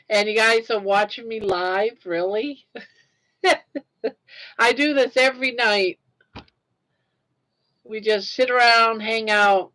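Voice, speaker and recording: A woman's voice: fairly high pitch, takes it slowly, long pauses, pushed and bright, poor audio. An older woman hosting her own live stream, chatting casually and reacting aloud to viewer comments. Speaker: livestream host.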